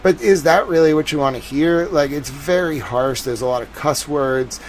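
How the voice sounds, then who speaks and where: A man with a Boston accent, a live news streamer talking casually to his chat in a soft, drawling way with lively swoops in pitch. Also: normal speed, slight background noise, poor audio. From New England.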